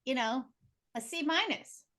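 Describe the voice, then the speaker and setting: A woman guest chatting in an interview with a somewhat high voice. She tells her stories with energy and slips into the voices of the people in them. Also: a little slow. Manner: animated, acts out dialogue in her stories. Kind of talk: casual conversational storytelling.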